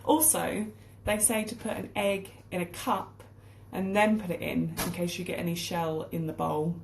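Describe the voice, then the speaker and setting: In her home kitchen, an English teacher gives a casual lesson while baking, explaining word meanings as she goes. Her voice is lowish, fairly even in intonation and moderately paced, with a roomy sound and slight background noise.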